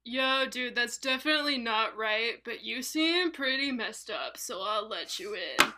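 A woman's voice: a little high, lively intonation, a little slow, sharp tone, heavily acted. A woman voicing a laid-back male door guard in a tabletop role-play. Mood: mellow. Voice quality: laid-back, bro-ish.

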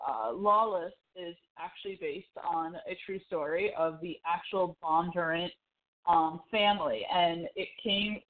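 Excitable low-voiced woman, tinny line. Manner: excitable, explains background facts with fillers. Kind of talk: casual film chat. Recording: tinny phone-like sound.

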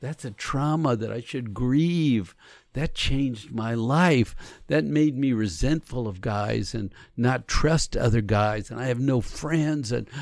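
Gravelly man coaching, earnest and explanatory. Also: mid-range voice, slow pace, a little mellow, no echo, clean studio sound. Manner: earnest, explanatory, acts out example lines. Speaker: relationship coach. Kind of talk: teaching conversation.

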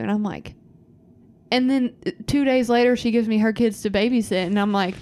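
A woman's voice: on the high side, moderate pace, darkish tone. A woman from Kentucky with a Southern accent, co-hosting a podcast in casual chat and laughing often. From Kentucky, USA. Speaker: podcast co-host.

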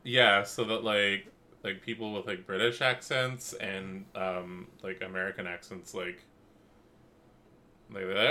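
A man co-hosting a casual podcast chat, crude and jokey, with sudden loud bursts of silly voices. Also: sits low, steady tone, a little slow. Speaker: podcast co-host.

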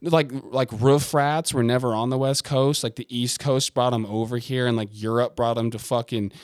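A man's voice: medium pitch, steady tone, moderate pace, dry recording, clean studio sound. A man co-hosting a podcast in casual banter, loose and profane, rambling from one tangent to the next. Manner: loose and profane, slipping into mock voices for punchlines. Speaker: podcast co-host.

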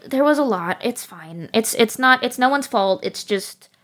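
A woman chatting through a tabletop game with a slightly high voice. She is playful and animated, jumping up in pitch when she gets excited. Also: moderate pace. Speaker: player. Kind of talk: casual tabletop game play.

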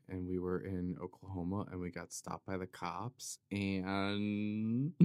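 A man hosting a podcast, talking in a playful, rambling comedic monologue that wanders off on tangents, with sudden loud outbursts. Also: deep voice, smooth, no room sound, dull audio. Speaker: podcast host.

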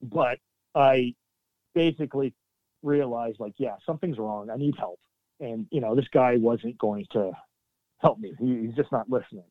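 A middle-aged man, a military veteran, telling his story in an earnest, halting way with sudden emphatic bursts. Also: mid-range voice, dry recording. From Canada. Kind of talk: candid interview storytelling. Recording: dry, tinny phone-like line.

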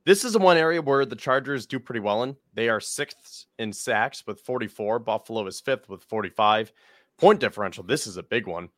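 A man's voice: mid-range voice, animated, brisk, a bit bright, dry recording. Man rattling off team stats, dry sound. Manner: reads off stats in a rambling, self-correcting way. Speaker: podcast co-host. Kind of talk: casual sports podcast chat.

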